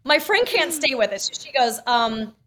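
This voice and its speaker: A woman in her forties, a podcast guest, telling lively anecdotes and acting out what people said. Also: high-pitched, normal speed, a little hiss or hum. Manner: animated storyteller acting out quotes. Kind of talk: casual chat.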